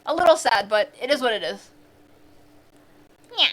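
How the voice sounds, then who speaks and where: Bubbly high-voiced woman streamer. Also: animated, normal speed. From central United States. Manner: bubbly and giggly, with sudden squeals. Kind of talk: casual live stream chat.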